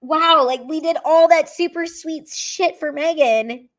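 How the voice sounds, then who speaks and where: Young woman comic on a casual livestream; high voice, emotional and teary, loose and profane. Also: unhurried. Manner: emotional, swearing freely, rambling with many "like"s. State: tearful. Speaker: comedian livestreaming to fans.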